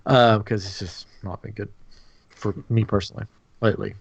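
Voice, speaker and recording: A man's voice: mid-range voice, fairly even intonation, normal speed, highs cut off. A man co-hosting a podcast, telling a story in casual chat and laughing often. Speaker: podcast co-host.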